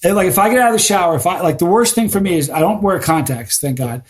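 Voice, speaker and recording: Animated, higher-voiced man telling stories. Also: fast talker. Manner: animated storyteller, repeats words when excited. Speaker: guest. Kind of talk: casual podcast chat.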